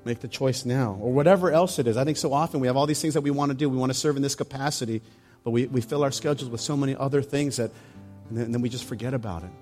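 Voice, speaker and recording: A man preaching a sermon and leading a closing prayer, earnest and halting, with many restarts. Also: medium pitch, a little mellow, faint music behind. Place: church meeting room.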